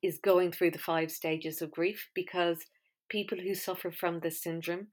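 Chatty woman with a lowish voice. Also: flat delivery, measured pace. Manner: chatty, wry, self-mocking. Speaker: podcast host. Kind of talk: casual monologue.

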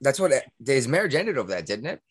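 A man's voice: mid-range voice, very animated, quick pace, breathy edge, no echo. A man co-hosting a podcast in casual chat, rambling and sarcastic, with lots of fillers and restarts. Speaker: podcast co-host.

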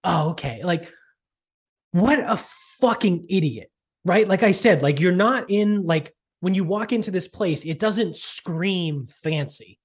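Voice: mid-range voice, slow, husky. Profane, exasperated storyteller. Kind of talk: casual storytelling rant.

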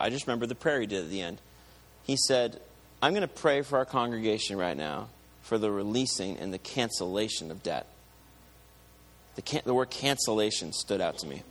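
A man giving a lively testimony from the front of a church service, telling a story with rising excitement. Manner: animated storytelling, growing louder and higher as excitement builds. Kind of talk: live testimony sermon.

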